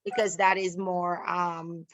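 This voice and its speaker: Here the middle-aged Jamaican woman's voice sits on the low side with flat delivery, no echo, and faint music behind. She's a participant in a casual video call, halting and restarting her sentences with plenty of fillers.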